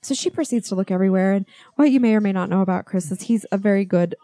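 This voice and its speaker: A woman's voice: medium pitch, fast, dark tone, no echo. A middle-aged woman co-hosting a podcast, telling a family story and quoting what everyone said. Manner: chatty, quotes family members as she tells it. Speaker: podcast co-host. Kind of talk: casual storytelling chat.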